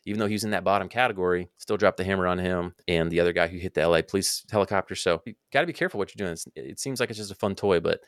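A man explaining rules in a casual podcast, talking quickly and using lots of "like" fillers. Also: deep voice, no room sound, clean studio sound. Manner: fast, filler-heavy talk with frequent "like". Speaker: drone training founder and guest expert.

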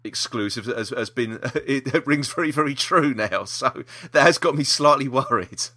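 A man's voice: medium pitch, expressive, normal speed, bright, forceful tone. A man co-hosting a casual podcast chat, rambling with restarts and laughter. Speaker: podcast co-host.

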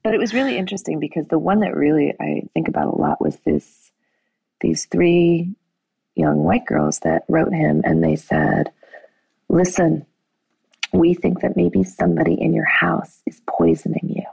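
Casting: middle-aged woman, low husky voice, chatty storyteller, dry close sound. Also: normal speed, dry recording, low-quality recording. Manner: animated retelling with quoted dialogue, fillers and restarts. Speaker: parent telling a story. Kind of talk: conversational storytelling.

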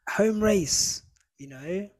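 A man's voice: high-pitched, lively intonation, extremely slow. A man hosting a sports podcast in casual chat, pushing his guests with playful questions. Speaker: podcast host.

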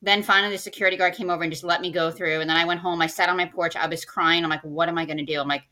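A woman's voice: fairly low pitch, fairly even intonation, very fast, bright, forceful tone. A woman who works as a financial planner, a podcast guest telling a personal story in casual conversation and acting out her own past lines.

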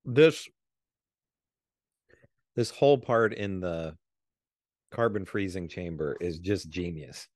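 A man's voice: sits low, takes it slowly, pauses often, darkish tone, no echo. A man chatting casually through a movie commentary, laughing often and trailing off mid-sentence. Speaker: film commentator.

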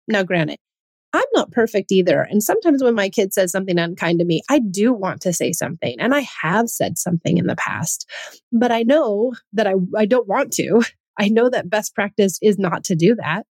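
A woman in her thirties hosting a solo podcast, explaining her views in an earnest, gently persuasive way. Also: mid-range voice, dry recording. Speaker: podcast host.

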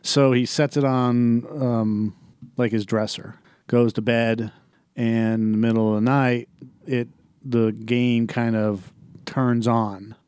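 A man's voice: mid-range voice, little pitch movement, takes it slowly, darkish tone, clear, resonant tone, dry recording, studio quality. A man co-hosting a podcast, recapping a movie in casual chat with rambling, tag-question asides. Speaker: podcast co-host.

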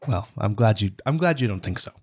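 A man hosting a casual book-club podcast, playful and quick to laugh. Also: fairly low pitch, lively intonation, darkish tone. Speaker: podcast host.

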